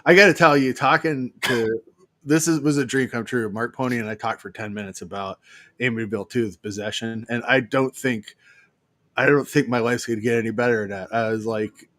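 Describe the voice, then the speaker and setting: A man's voice: mid-range voice, steady tone, brisk, fairly bright tone, no echo. A man in his fifties co-hosting a show, rambling through jokes with lots of fillers. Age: 50s. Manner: rambling, joking, many fillers. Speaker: co-host. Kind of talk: casual banter.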